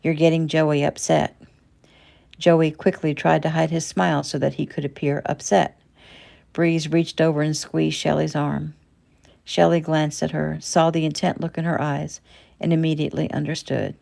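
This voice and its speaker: Gravelly low-voiced woman narrating. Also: level tone, a little mellow. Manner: plain, unhurried reading. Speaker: author reading her own novel. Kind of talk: casual audiobook narration.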